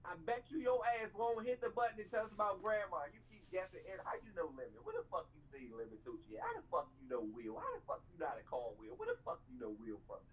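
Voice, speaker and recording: A young man ranting on a livestream, mocking and heated, repeating "bro" over and over and climbing into near-shouted outbursts. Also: sits high, huge pitch swings, fast, few pauses, a little hiss or hum. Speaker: streamer reacting to a video. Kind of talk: ranting live commentary.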